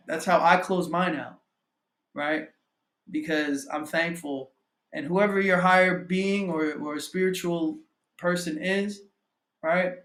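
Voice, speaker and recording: A man's voice: a little high, takes it slowly, reverberant. A man giving a casual motivational talk on affirmations, often tagging his points with "right?" and reading through a list of affirmations. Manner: keeps asking "right?" as a tag; reads affirmations in a steady list. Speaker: mindset coach and trader.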